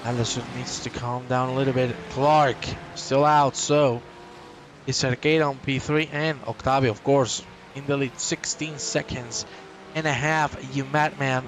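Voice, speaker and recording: A man giving live sim racing commentary, energetic and joking with his co-host between race calls. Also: medium pitch, unhurried, a little hiss or hum.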